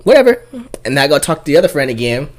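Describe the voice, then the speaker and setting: A man casually telling a night-out story, animated and playful, and he mimics other people's voices as he goes. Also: racing. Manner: animated storyteller, acts out high squeaky voices for the women he quotes.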